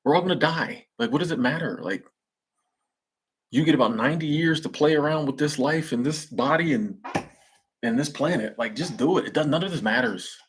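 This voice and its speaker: Pitched on the high side with a breathy edge, this young man speaks a little quickly. On his live stream he casually chats with viewers, reads their comments, uses slang, and cracks himself up.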